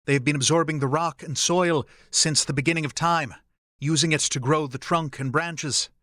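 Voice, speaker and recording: A man voicing a calm, formal male Fae who sounds detached and distant. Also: a little high, dry recording, studio quality, natural voice. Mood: remote. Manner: measured, formal delivery.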